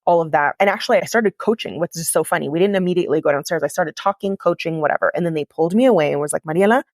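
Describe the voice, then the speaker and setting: A woman's voice: lowish voice, very fast, no room sound, studio quality. A woman podcast host telling a personal story in a candid, confessional way, with lots of "like" in her speech. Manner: candid, confessional, heavy use of "like".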